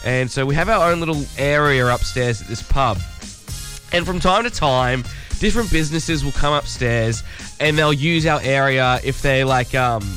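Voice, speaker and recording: A man co-hosting breakfast radio, telling a story in a lively way and laughing as he goes, his voice a bit croaky. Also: mid-range voice, normal speed, soft background music. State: slightly croaky voice. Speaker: radio co-host. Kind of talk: casual breakfast radio chat.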